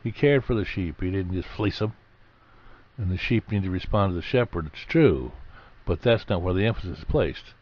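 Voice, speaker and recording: Deep-voiced man preaching plainly. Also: expressive, moderate pace. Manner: repeats key phrases for emphasis, plain-spoken. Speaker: Bible teacher. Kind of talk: conversational sermon. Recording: dull lo-fi recording.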